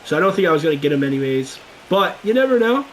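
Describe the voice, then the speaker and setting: A young man giving casual commentary over a baseball video game, getting loud and excited at big plays. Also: on the high side, fast, a little hiss or hum. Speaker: gaming YouTuber.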